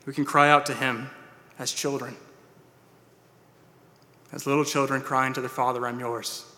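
Man, pastor preaching, earnest, plain, sharp bright voice, long church reverb. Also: medium pitch, flat delivery, normal speed. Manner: earnest, plain-spoken, with filler "uh"s and restarts. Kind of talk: sermon. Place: church sanctuary.

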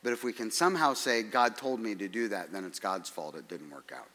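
A man preaching a sermon as pastor, earnest and measured, with dry humorous asides. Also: fairly low pitch, sharp tone, in a large hall, slight background noise.

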